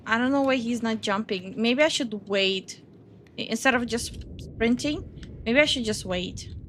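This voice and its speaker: A woman's voice: fairly high pitch, a little slow, fairly bright tone, a little hiss or hum. A woman gaming streamer giving casual let's-play commentary, nervous and jumpy as she plays a scary game at home.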